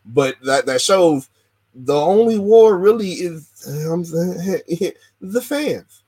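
A man's voice: high-pitched, expressive, slow, dark tone, breathy edge, dry recording. A man co-hosting a casual wrestling podcast, rambling with slang and many fillers. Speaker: podcast co-host.

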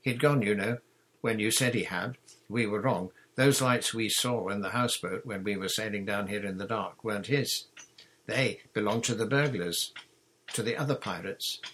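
A man's voice: fairly low pitch, fairly bright tone, husky. A man reading a storybook, voicing a bold, bossy girl who leads her friends like a pirate captain. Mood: excited. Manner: commanding, brisk, dramatic.

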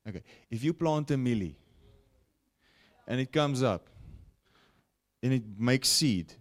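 A man preaching a broadcast sermon, with animated rises and falls and frequent "okay?" check-ins to his listeners. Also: mid-range voice, takes it slowly. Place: broadcast teaching setting.

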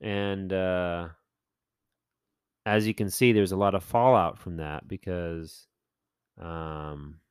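Low-voiced man chatting about scripture. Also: takes it slowly, long pauses, a little mellow, clear, resonant tone, dry recording. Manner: acts out biblical characters in playful voices; loose, with fillers and self-corrections. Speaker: podcast host. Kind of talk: casual Bible discussion.

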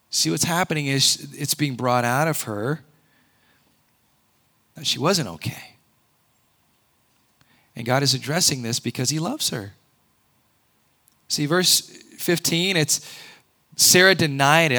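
A man preaching a sermon, conversational and earnest, often rising to loud emphatic peaks. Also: a little high, expressive, measured pace, pauses often. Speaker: pastor.

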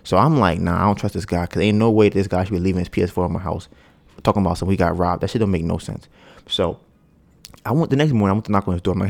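A man's voice: fast, vocal fry. A man hosting a podcast, telling a long story in loose, slangy casual talk and acting out the lines of the people in it. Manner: animated, acts out quoted dialogue with rising pitch; loose slangy speech with frequent fillers. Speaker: podcast host.

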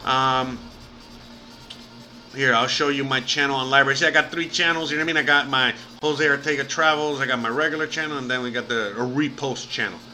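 A man's voice: mid-range voice, fairly even intonation, brisk, pushed and bright, soft background music, low-quality recording. A man from Miami chatting casually on a live stream, rambling with lots of fillers, swearing now and then and thanking viewers by name. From Miami, United States.

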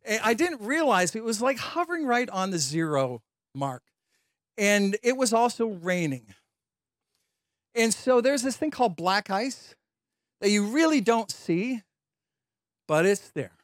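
A man preaching a sermon as a lively storyteller, acting out quoted voices and laughing as he tells a personal story. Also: sits high, a little slow, pauses often, no echo, clean studio sound. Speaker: pastor.

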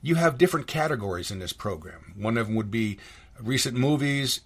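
A man hosting a solo podcast, ranting in an indignant, sarcastic, rambling way, from the United States, stumbling over restarts and jumping up in pitch when he gets worked up. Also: expressive, a little fast, fairly bright tone, slightly rough. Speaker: podcast host.

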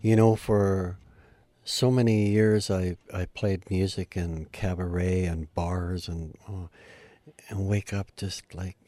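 A man's voice: flat delivery, slow pace, mellow. An older man telling a heartfelt story in an interview, earnest and rising in feeling at the big moments. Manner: earnest, heartfelt, climbs in pitch and volume at emotional peaks. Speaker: guest storyteller and musician.

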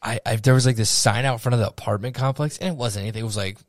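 A young man spins a rowdy story on a podcast, swearing freely and jumping into the voices of the people in it. His voice sits at an ordinary middle pitch. The sound is close and dry, with no room in it. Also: racing, dry recording. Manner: animated storyteller, swearing, acts out quotes. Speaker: podcast co-host. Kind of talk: casual chat.

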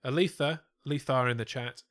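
A man's voice: mid-range voice, fairly even intonation, moderate pace, fairly bright tone. A man co-hosting a casual live-streamed podcast, joking and spinning absurd stories. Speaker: podcast co-host. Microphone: studio mic on a stand.

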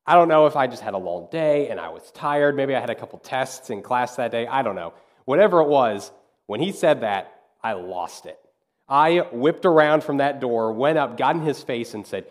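A man in his thirties, a pastor giving a sermon in an animated, conversational storytelling way. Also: mid-range voice.

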